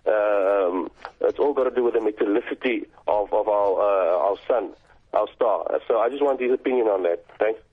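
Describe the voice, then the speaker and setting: A man's voice: on the low side, moderate pace, slightly rough. A man phones in to a radio show with a question, stumbling over his words and repeating himself. The sound comes through a thin, phone-like line. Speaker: caller. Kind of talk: asking a question on a radio call-in.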